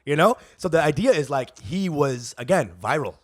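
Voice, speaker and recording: A man's voice: a little high, expressive, moderate pace. A man co-hosting a comedy podcast, talking in casual chat with a brash, joking, emphatic manner.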